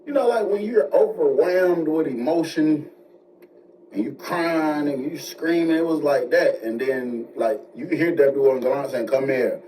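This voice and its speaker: Guy telling a story all animated, mellow voice, kinda far from the mic. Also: fairly high pitch. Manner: animated, slangy, fast asides. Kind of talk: casual storytelling. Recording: distant mic with faint noise.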